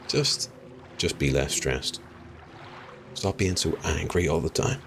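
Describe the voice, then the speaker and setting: A young Irish man with a deep, low-pitched voice streams a game live and chats easily with his viewers. He talks loosely, laughs a lot and apologizes often. A faint hum of noise sits under his voice. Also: normal speed, long pauses. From Ireland. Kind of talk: live gameplay commentary chatting with viewers.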